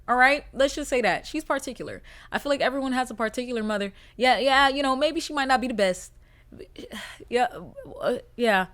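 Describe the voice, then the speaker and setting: A woman hosts a casual story-time podcast. Her voice sits a little high, and she tells the story bluntly and profanely. Now and then she jumps into loud, animated outbursts. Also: a little fast. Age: 20s. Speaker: podcast host.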